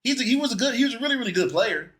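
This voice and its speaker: A man hosting a casual podcast chat, talking in an animated way, often restarting and repeating his words. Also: very high-pitched, racing. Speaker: podcast host.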